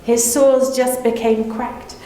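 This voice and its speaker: A woman's voice: a little high, little pitch movement, slow pace, mellow. A woman storyteller performing live for a small audience, playful and teasing. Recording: echoey room with faint hum.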